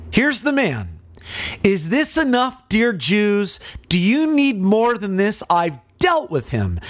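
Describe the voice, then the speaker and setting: A man preaching while voicing a Roman governor who pleads with a crowd for pity, his appeals rising high and urgent. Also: no echo, heavily acted.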